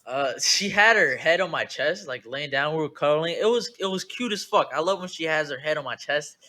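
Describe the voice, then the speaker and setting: A young man with a bright, fairly high voice chats casually on a podcast. He rambles through a story, full of swearing and asides. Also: lively intonation, a little fast. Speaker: podcast co-host. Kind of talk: casual chat.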